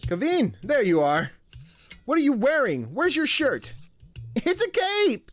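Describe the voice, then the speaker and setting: A man's voice: very high voice, huge pitch swings, unhurried, fairly bright tone, voice pushed up, exaggerated voice. A man voicing a stern, busy Indian immigrant mother who scolds her son in a game. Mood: scolding. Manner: scolding, bossy.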